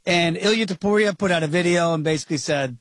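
A man hosting a fight betting podcast, chatting in a lively, jokey way. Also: high voice, fast talker, no room sound. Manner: lively, jokey, does impressions. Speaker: podcast host. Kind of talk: casual podcast chat.

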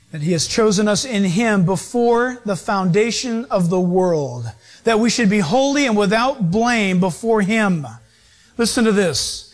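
A man preaching a sermon in a church, emphatic and speaking straight to his congregation. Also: high-pitched. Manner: emphatic, addresses congregation directly.

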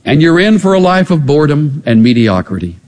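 A male pastor with a high voice that leaps all over the place, preaching with animated emphasis and pointed rhetorical questions. The sermon rings out through a large hall with long reverb. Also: a little fast. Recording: echoey hall.

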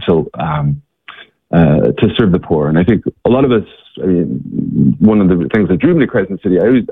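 Over a tinny phone line, a man appearing as a guest tells a story in conversation, sounding hesitant with lots of fillers and restarts. His voice sits low and has a breathy edge.

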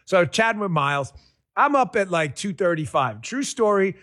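A man who hosts a radio show reads a sponsor endorsement in a chatty, emphatic way, with lively salesman energy. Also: high voice, moderate pace, no echo, studio quality. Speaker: radio host reading a sponsor ad. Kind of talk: host-read endorsement.

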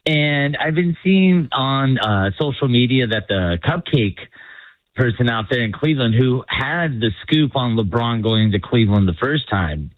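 A man's voice: medium pitch, lively intonation, a little slow, no room sound. A man calling into a sports radio show from the San Francisco area, friendly and rambling, saying "you know" often. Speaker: caller. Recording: tinny phone line.

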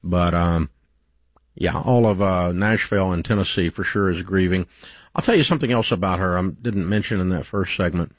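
A man's voice: low voice, normal speed, no echo. A man hosting a call-in radio show, folksy and direct.

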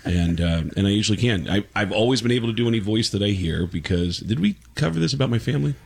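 A comedian man telling animated stories as a guest in a casual interview. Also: fairly low pitch, fast talker, creaky, husky. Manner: animated, lively storyteller.

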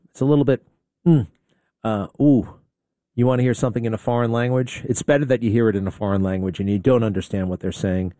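A man hosting a talk radio show, delivering a blunt, sarcastic and excitable monologue. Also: fairly low pitch, no echo, clean studio sound.

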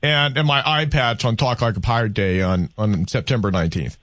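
A man's voice: medium pitch, brisk, a bit bright, dry recording. A man hosting a call-in radio talk show from a studio, rambling and joking about himself in casual chat. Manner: rambling, self-deprecating, playful. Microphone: studio microphone.

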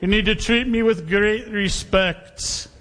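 A man voicing a self-righteous old churchgoer with a put-on Scottish brogue, speaking slowly and haughtily. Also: sits high, a bit bright, pitched above the performer's own voice. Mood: haughty. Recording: long hall reverb, distant.

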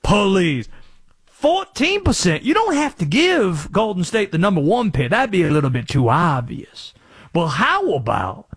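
A man's voice: sits high, a bit bright, husky, dry recording, studio quality, exaggerated voice. A man putting on a Southern accent to voice a theatrical, conspiracy-minded male sports pundit on talk radio. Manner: drawling, theatrical, rhetorical questions.

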